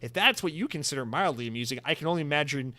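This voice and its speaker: A man's voice: on the high side, expressive, racing, pushed and bright, no echo. A young adult man hosting a solo podcast, rambling in a jokey, self-mocking way. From United States. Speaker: podcast host.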